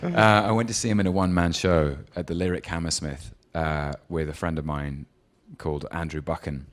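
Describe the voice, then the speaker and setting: A man with a very deep voice answers interview questions, pausing on ums as he thinks. He tells stories with relaxed ease and breaks into laughter readily. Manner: thoughtful, hesitant with ums, laughs easily. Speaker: actor, interview guest. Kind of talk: relaxed anecdote and advice in an on-stage interview.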